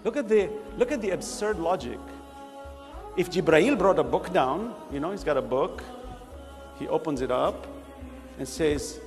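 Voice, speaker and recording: A man giving an animated sermon to a congregation, rising to emphatic shouts. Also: a little high, unhurried, pauses often, big-room sound, faint music behind. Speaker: preacher.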